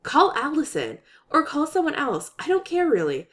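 A woman voicing an excitable, babbling young woman who panics and snaps back loudly in a read-aloud story. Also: high-pitched, voice pushed up, heavily acted. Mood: defiant. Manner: rapid flustered babble, loud outbursts.

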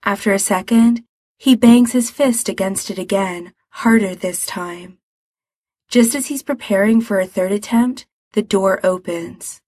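A woman reading a story aloud as narrator, in an even, measured manner. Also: mid-range voice, breathy edge, no room sound. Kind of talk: reading fan fiction aloud.

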